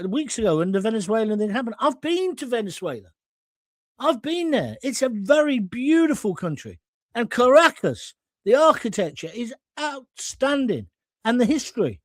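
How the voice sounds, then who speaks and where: A man's voice: high voice, no echo. A man hosting a live talk show, reading out viewer comments in a blunt, combative and jokey way. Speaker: host.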